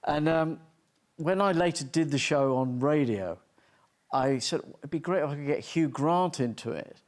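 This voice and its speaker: Bit high guy rambling thru a story, keeps restarting himself, self mocking. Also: lively intonation, moderate pace. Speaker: talk show guest. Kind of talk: anecdote telling.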